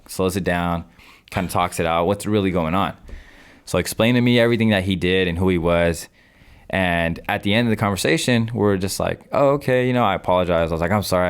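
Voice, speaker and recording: A man's voice: on the low side, clean tone. A man in his twenties, a podcast guest, telling a story in casual talk and acting out his own past phone calls. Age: 20s. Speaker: podcast guest, real estate investor.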